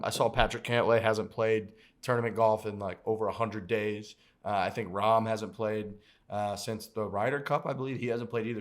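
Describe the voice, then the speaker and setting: A man with a lowish voice hosting a podcast. He talks in a relaxed, conversational way and steers the segments along. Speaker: podcast host. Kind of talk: casual chat.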